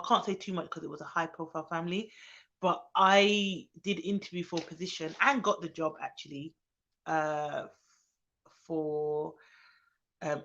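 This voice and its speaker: A young woman, a nanny, chatting casually on her live stream, reading viewers' comments aloud and greeting them with excited bursts. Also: on the low side. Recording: dull lo-fi sound.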